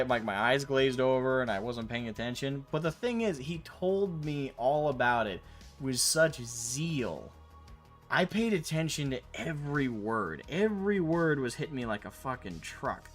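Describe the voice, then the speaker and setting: A man streaming while painting miniatures, telling a long casual story in a rambling, animated way with the odd swear word. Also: mid-range voice. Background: faint Gregorian chant music.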